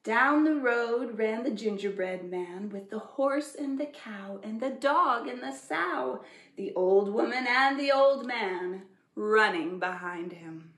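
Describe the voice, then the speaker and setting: Woman librarian, preschool storytime, animated, asks kids questions, slow and clear, echoey room. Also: a little high. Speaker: children's librarian.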